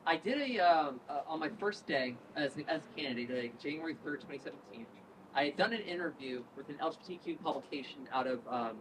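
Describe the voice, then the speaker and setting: Woman in her thirties, lively political storyteller, heard from a distance, noisy event room. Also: low voice, fast. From Northern Virginia. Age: 30s. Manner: animated storyteller, acts out quotes, laughs. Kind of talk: storytelling speech. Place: event room with crowd ambience. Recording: distant mic with noise.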